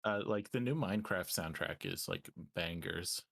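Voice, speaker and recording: Deep-voiced man chatting on stream. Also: normal speed, vocal fry, a bit bright. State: run down. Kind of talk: casual chat.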